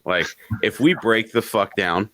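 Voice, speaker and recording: A man co-hosting a live podcast, telling a story in an animated, profane way and chuckling between phrases. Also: on the low side, unhurried, no room sound. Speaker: podcast co-host.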